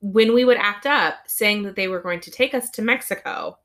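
A woman podcast co-host from Southern California, a parent, chatting casually and quickly about a cartoon episode. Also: medium pitch. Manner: chatty, animated, quick retelling with acted-out quotes. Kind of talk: casual chat recapping a cartoon.

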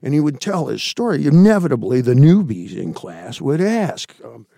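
A man in his sixties, a candid interview guest telling stories with blunt, profane asides, his voice swinging between loud bursts and hushed, low passages. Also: sing-song, normal speed, gravelly, dry recording, studio quality. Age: 60s. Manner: blunt, swears freely.

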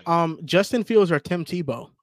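A man's voice: fairly high pitch, expressive, moderate pace, a little hiss or hum. A man co-hosting a sports podcast in casual chat, leading the segments and arguing his picks. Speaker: podcast co-host.

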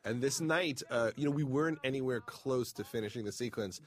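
A man's voice: medium pitch, a little fast. A man on a film commentary track, a producer telling dry, joking behind-the-scenes anecdotes. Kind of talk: casual commentary chat.

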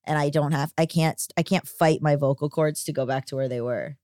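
A young trans man co-hosting a podcast in casual chat, his voice newly lowered and kept flat and held down. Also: fairly quick, dry recording, clean studio sound. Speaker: podcast co-host.

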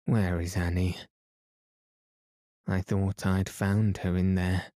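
A grieving old man mumbles his sad questions, voiced by a man reading aloud. The voice is dark and warm, drawn out slowly with little rise and fall, and the sound is close and dry. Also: deep voice, little pitch movement, dry recording. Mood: mumbling. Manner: mumbling, wistful. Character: heartbroken old man, wistful and lost.

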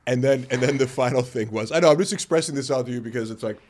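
A man's voice: mid-range voice, fast talker, darkish tone. A man hosting a podcast in casual chat, rambling and self-deprecating, acting out other people's lines as he tells stories. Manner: rambling and self-deprecating, acts out quoted voices. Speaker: podcast host.

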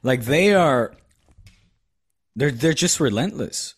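A man with a Dutch accent, co-hosting a podcast in casual chat, pausing and restarting as he searches for words. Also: mid-range voice, animated, husky. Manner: halting, many fillers and restarts while searching for words. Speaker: podcast co-host.

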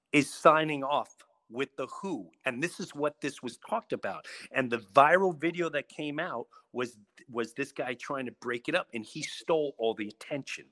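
A man hosting a podcast in casual chat, excitable and rambling, laughing often. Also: on the high side, no room sound. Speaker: podcast host.

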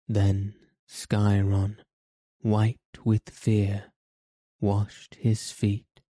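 Male storybook narrator, mellow and low, flat steady read, dry close sound. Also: no room sound. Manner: steady, measured read-aloud delivery.

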